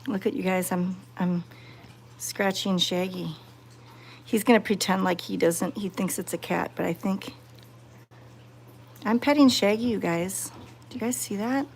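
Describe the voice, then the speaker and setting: A woman chatting to her viewers while petting cats, excited and fond, cooing softly to the animals. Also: medium pitch, a little slow, vocal fry, pauses often, slight background noise. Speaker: cat sanctuary vlogger.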